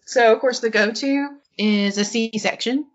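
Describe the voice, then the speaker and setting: A woman's voice: fairly high pitch, unhurried, dull audio. A woman co-hosting a podcast in casual chat, laughing often and reading from an article. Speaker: podcast co-host.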